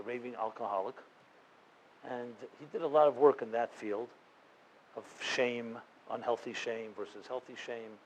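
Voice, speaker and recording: Rabbi, male, mid-pitched voice; earnest storyteller addressing a room, chatty, many restarts, faint hiss. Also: darkish tone, rough recording. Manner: earnest, conversational, full of fillers and restarts. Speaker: rabbi and guest speaker. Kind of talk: storytelling talk to a live audience.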